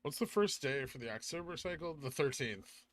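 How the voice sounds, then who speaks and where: A man's voice: a little high, expressive, moderate pace. A man hosting a casual livestream, answering viewer chat questions in a laid-back, offhand way. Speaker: livestream host reading chat.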